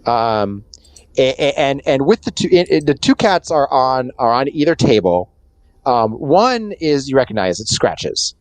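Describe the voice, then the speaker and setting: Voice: medium pitch, sing-song, unhurried, dry recording, poor audio. A game master narrating a tabletop game in a hesitant way, full of fillers and restarts.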